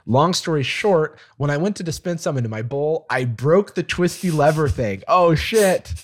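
A man's voice: on the high side, animated, moderate pace. A man co-hosting a podcast, reading a listener's email aloud and breaking off to laugh and comment. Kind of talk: casual chat, reading a letter aloud.

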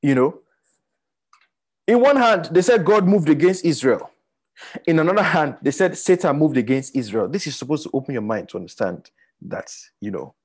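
A man with a Nigerian accent teaching a sermon, animated and repeating words for emphasis, with many fillers. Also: medium pitch, husky. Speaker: Bible teacher.

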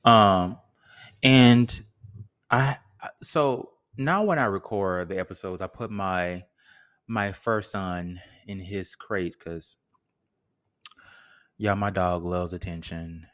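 A man's voice: deep voice, slow, long pauses, fairly bright tone. A man hosting a solo podcast in a casual, joking, slangy way. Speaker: podcast host.

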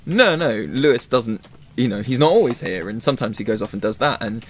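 A man's voice: medium pitch, animated, a little fast. A man, a forest school leader and former teacher, chatting casually in a rambling way and acting out quotes. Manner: rambling, self-interrupting, acts out quotes. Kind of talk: casual chat.

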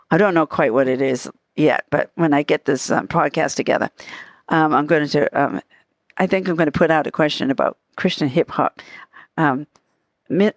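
A woman's voice: deep voice, no echo, clean studio sound. A woman with a Boston accent, hosting a podcast and chatting casually, laughing often and repeating herself. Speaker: podcast host.

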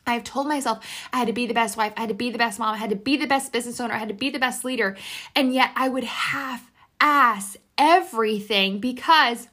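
Woman, 30s, slightly high voice, earnest encouraging motivational monologue. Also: fairly quick, pushed and bright. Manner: earnest, encouraging, addresses listener as sister. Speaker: motivational speaker.

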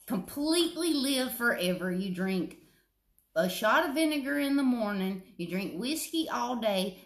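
A woman, chatting casually and adding joking asides. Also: medium pitch. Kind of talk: casual chat.

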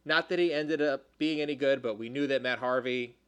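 A man co-hosting a casual sports podcast, talking in an animated, exasperated way with quick asides. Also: mid-range voice, clean tone. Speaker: podcast co-host.

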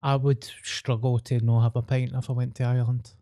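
A man's voice: medium pitch, little pitch movement, a little fast, warm tone, dry recording, studio quality. A young Glaswegian man in casual, sweary podcast banter. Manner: sweary, laid-back banter. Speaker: podcast co-host. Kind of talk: casual chat.

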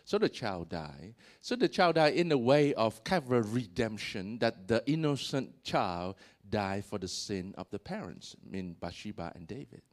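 Animated male preacher. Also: moderate pace, hardly any pauses. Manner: animated, voice swells on key points and drops low after. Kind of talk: sermon.

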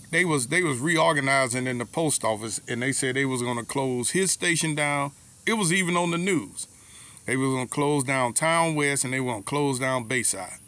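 A lay preacher with a slightly high, sharp-toned voice delivers an informal sermon to his brothers and sisters. He tells personal stories in a folksy manner, using dialect grammar and repeating words.

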